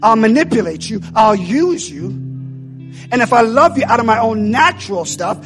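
A man with a very high voice delivers a sermon with fervor. He urges his listeners on with repeated calls, and soft music plays faintly behind him. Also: sing-song, normal speed. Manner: preaching loudly, urging the congregation with repeated calls. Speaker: preacher. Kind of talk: impassioned sermon.

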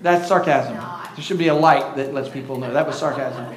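A man's voice: mid-range voice, normal speed, reverberant, rough recording. A male pastor preaching a sermon, quizzing the congregation and joking at his own expense. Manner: engaging, asks the congregation questions; playful, self-teasing humor. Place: church.

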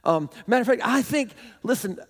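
Animated high-voiced man preaching. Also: a little fast, slightly rough, long reverb tail. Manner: urgent and pleading, with repeated restarts. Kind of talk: sermon.

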